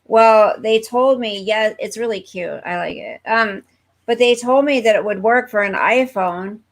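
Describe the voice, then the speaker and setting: A woman hosts a casual live chat from home, speaking directly to her viewers. She talks at an unhurried, drawn-out pace and often wanders off track. Her pitch sits in a middle range. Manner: chatty, talks straight to viewers, easily distracted. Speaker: livestream host reading viewer comments. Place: at home, fireworks outside.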